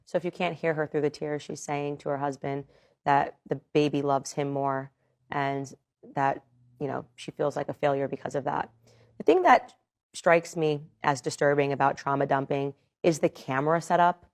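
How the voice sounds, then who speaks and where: A woman comments on viral videos with measured, dry analysis. Her voice is notably low and even.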